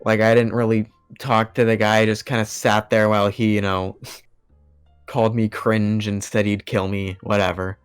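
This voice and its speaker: A man's voice: on the low side, little pitch movement, moderate pace, clear, resonant tone, soft background music. A young man telling a long story on a podcast in casual chat, rambling with lots of fillers and laughing as he goes. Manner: rambling, laughing, acts out quoted voices. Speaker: podcast guest.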